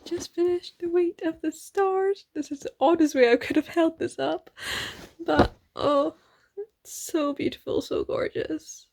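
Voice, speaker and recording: A woman's voice: very high voice, steady tone, a little slow, gravelly, darkish tone. A young woman vlogging about her reading, chatty and gushing, with lots of fillers and little laughs. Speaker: book vlogger. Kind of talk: casual reading vlog.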